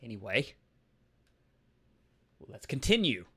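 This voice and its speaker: A man's voice: medium pitch, lively intonation, fairly quick, a bit bright. A man on a live stream Q&A, ranting heatedly with lots of swearing and repeated restarts. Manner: heated, profane, repeats himself and restarts often. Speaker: streamer answering live chat questions.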